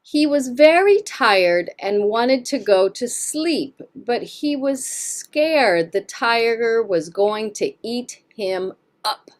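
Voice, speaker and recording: Lively, slow-spoken woman teacher. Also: a little high. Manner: encouraging, explains words with Spanish glosses. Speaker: English teacher. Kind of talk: classroom reading lesson.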